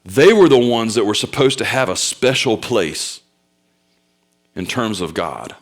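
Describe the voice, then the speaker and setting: A young man preaching a sermon, telling stories with loud bursts and quiet asides. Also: lowish voice, lively intonation, a little slow. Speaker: pastor.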